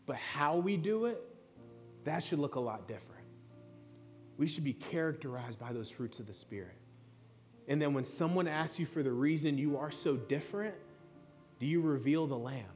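Preaching in a church sanctuary, this pastor in his thirties mixes personal stories into an earnest, conversational sermon. He pitches on the high side and speaks expressively at a moderate pace, pausing often, his tone darkish. Soft music plays in the background.

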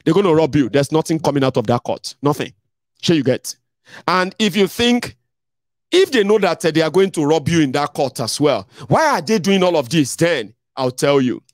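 A man's voice: on the high side, lively intonation, moderate pace, no room sound, clean studio sound. A young adult man with a Nigerian accent, giving a blunt, mocking political commentary to his viewers. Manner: blunt, mocking, mimics others in a raised voice. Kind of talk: casual monologue to viewers.

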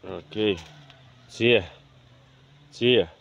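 A man vlogging outdoors on his rural land, talking to viewers in an animated, indignant way and often repeating himself. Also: lowish voice, slow pace, gravelly, lo-fi sound, noisy background. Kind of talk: casual vlog talk to viewers.

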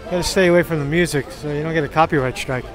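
A man's voice: on the high side, quick pace, music in the background. A man walking a street festival for his vlog, chatting casually and teasing people he meets. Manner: joking, teasing banter. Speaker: street vlogger.

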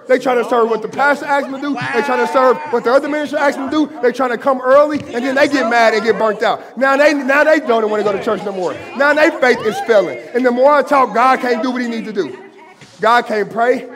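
Male pastor, high voice, passionate conversational sermon, church hall reverb. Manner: impassioned, conversational preaching with colloquial asides. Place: church sanctuary.

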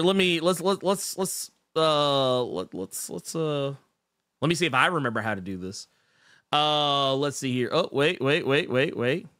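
A man's voice: fairly high pitch, sharp tone, no room sound, studio quality. A man hosting a casual livestream, reading chat messages in a rambling, self-interrupting and emotional way. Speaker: podcast host reading live chat.

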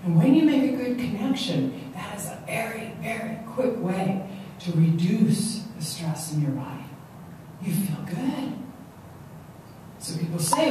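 A woman gives an animated motivational talk, often repeating herself. Her voice is mellow and sits at a middle pitch. It comes from a distance in a very echoey hall, with faint noise behind. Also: measured pace. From Long Island, New York. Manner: animated, repeats words, acts out quotes. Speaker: stress management speaker.

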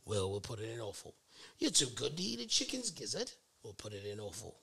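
Snooty British man lecturing Americans, put on by a man. Condescending and bright, with a lively swing in pitch. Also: takes it slowly, dry recording, heavily acted. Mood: haughty. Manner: haughty, condescending, mock-refined. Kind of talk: comedic put-on British accent.

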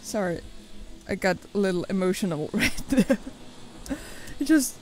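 A young woman hosting a let's play, reacting excitably, exclaiming and talking back to the game as she plays. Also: medium pitch, a little slow, a little hiss or hum, low-quality recording. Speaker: gaming channel host.

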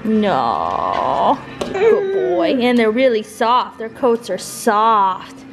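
A young woman chatting on a casual family vlog, animated and gushing, often laughing. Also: fairly high pitch, extremely slow, creaky, loud music behind the voice. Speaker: family vlogger.

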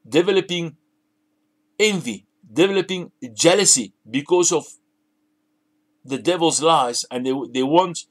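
A man preaching a sermon, emphatic, repeating and restarting phrases as he builds his points. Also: fairly high pitch.

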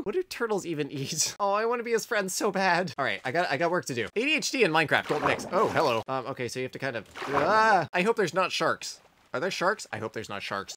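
A woman hosting a comedic game video, chatty and excitable, talking to the creatures she meets. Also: sits low, brisk, a little hiss or hum. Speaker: gaming video host. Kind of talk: comedic let's-play commentary.

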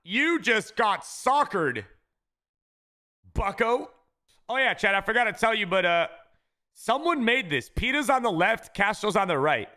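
A man streaming a video game, chatting casually with his chat and shouting when he gets a good pull. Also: high-pitched, brisk. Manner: excitable, shouts at big pack pulls; talks to chat, says bro a lot. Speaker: gaming streamer. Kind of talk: casual live-stream commentary.

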